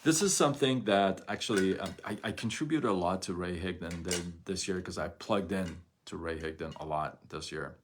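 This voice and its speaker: A man's voice: low voice, normal speed, hardly any pauses, background noise. A middle-aged man hosting his own livestream, talking candidly and rambling to viewers with frequent restarts and chuckles. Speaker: live-stream host. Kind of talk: casual livestream talk to viewers.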